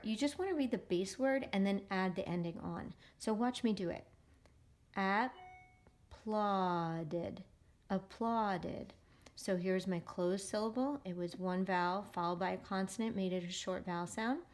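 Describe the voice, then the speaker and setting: A woman teacher giving a phonics lesson to young children, slowly and carefully sounding out words. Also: medium pitch, a little mellow. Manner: slow, careful modeling of sounds.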